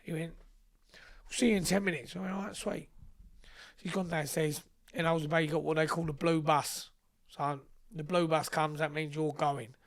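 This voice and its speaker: A man's voice: a little high, fairly even intonation, normal speed, creaky. A young man, telling stories in casual chat, swearing freely and acting out both sides of conversations. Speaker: podcast guest. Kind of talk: casual storytelling.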